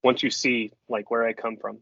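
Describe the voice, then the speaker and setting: A man's voice: medium pitch, level tone, moderate pace, gravelly, bright, forceful tone, no room sound. A man playing a tabletop game, chatting casually, swearing and laughing often. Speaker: player. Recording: dry, slightly dull podcast audio.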